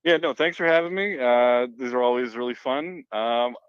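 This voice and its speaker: A man's voice: medium pitch, moderate pace, clean tone, dry recording, dull audio. A man who is a podcast guest, chatting casually and swearing now and then. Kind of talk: casual chat.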